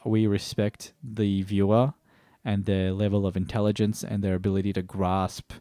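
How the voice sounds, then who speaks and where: A man's voice: lowish voice, mellow, clear, resonant tone, no room sound, clean studio sound. A man reviewing a TV series in a rambling, stream-of-consciousness way, swearing casually and often restarting sentences. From Australia.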